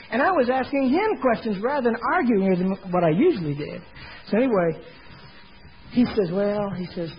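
A middle-aged man with a notably high voice shares his conversion testimony with a congregation, folksy and conversational. He slips into other people's voices as he retells scenes. The recording is muffled and lo-fi, with a faint hiss underneath. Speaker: former door-to-door salesman giving testimony. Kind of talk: personal testimony told to a congregation.

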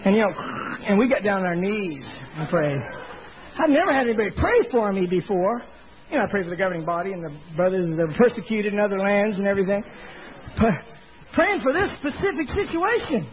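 A man's voice: sits high, sing-song, brisk, muffled recording, slight background noise. A middle-aged man telling his personal testimony in a folksy storytelling way, acting out what other people said. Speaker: former door-to-door salesman giving testimony. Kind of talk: personal testimony told to a congregation.

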